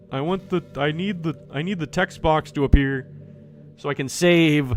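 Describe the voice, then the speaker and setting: Joking man with a lively voice. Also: mid-range voice, moderate pace, faint music behind. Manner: joking, talks to the game character. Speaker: streamer. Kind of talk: casual gameplay commentary.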